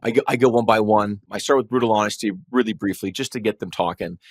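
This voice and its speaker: A man speaking as a trial lawyer guest in a podcast conversation, telling stories in an animated way. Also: lowish voice, fast, dry recording, studio quality. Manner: animated storytelling, acting out quotes.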